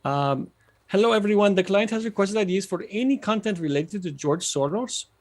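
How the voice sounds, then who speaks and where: A man's voice: high voice, lively intonation, moderate pace, voice pushed up. A man putting on an Indian accent to read out policy as a male office manager.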